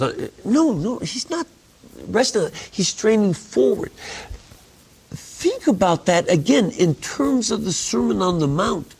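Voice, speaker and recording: Slow, husky-voiced man teaching scripture. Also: sing-song, darkish tone. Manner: measured, reads scripture slowly, leaps up in pitch for emphasis. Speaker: Bible study teacher. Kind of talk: Bible study teaching.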